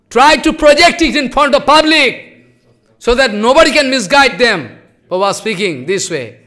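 Spiritual teacher, male, high voice, fervent and repetitive sermon delivery. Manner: fervent, repeats phrases for emphasis; broken, simplified English grammar. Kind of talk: devotional sermon.

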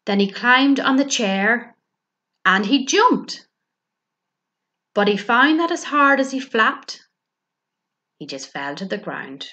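Slow, rhythmic woman reading a story. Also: a little high, expressive, bright, forceful tone. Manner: rhythmic rhyming delivery. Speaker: librarian. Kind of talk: storybook read-aloud for children.

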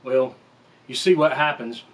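A man's voice: mid-range voice, measured pace. A man giving a casual, jokey guitar review in a room at home, rambling and interrupting himself as he goes. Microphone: camera mic, sometimes far.

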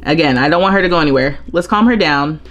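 A woman's voice: low-pitched, fast, dull audio, soft background music. A young woman streaming a life-simulation game live, chatting and thinking aloud as she plays. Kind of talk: live gameplay commentary.

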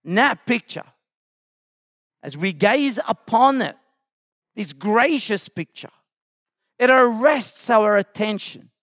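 A man preaching a sermon as pastor, impassioned, rising to shouts when voicing the call to come. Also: high voice, expressive, slow, long pauses, no room sound, clean studio sound.

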